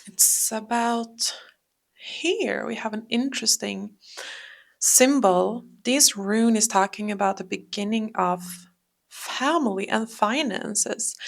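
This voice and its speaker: A woman giving a calm tarot reading, talking slowly and often dropping into a whisper. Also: mid-range voice, creaky. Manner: slow, calm, drifting into whispers. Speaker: tarot reader. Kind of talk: soft-spoken tarot reading.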